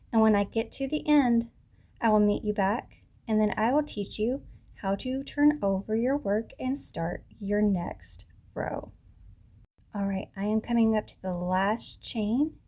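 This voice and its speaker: A woman teaching a beginner crochet lesson, talking patiently through each step and slowing down to repeat the moves. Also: fairly high pitch, dark tone. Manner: patient, talks through each step slowly, self-correcting. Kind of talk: tutorial instruction. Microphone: camera mic.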